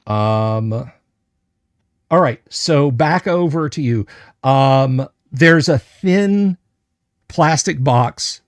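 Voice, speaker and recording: Slow, halting game master man. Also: mid-range voice, lively intonation, dry recording, clean studio sound. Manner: hesitant, many fillers and restarts; describes items slowly and carefully. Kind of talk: narrating a tabletop game livestream.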